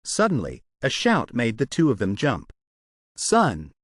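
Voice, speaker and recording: A man narrating a comic story recap in scripted, even, matter-of-fact storytelling. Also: medium pitch, moderate pace, dry recording, clean studio sound.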